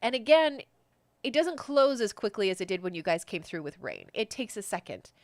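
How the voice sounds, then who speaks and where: A woman's voice: mid-range voice, very animated, moderate pace, no echo. A woman narrating as game master in a casual, chatty way, with lots of fillers, on a close mic.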